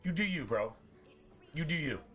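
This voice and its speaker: A man's voice: fairly high pitch, expressive, moderate pace, bright, forceful tone, soft background music. A man streaming a game and ranting casually, swearing often in a preachy, emphatic way. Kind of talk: casual rant while gaming.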